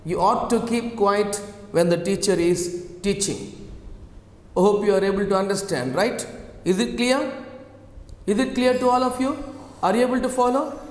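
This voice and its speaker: A male teacher giving a classroom grammar lesson, repeating each phrase slowly and often asking whether the students follow. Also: high-pitched. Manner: slow, spells words out and repeats each phrase; checks understanding with frequent "right?" and "okay?". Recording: echoey classroom, reverberant.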